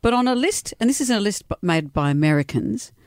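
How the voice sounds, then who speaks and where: A woman co-hosts breakfast radio, teasing and laughing through the banter. Her pitch jumps around lively, and the sound is dry and close. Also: a little fast, no room sound. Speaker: radio co-host.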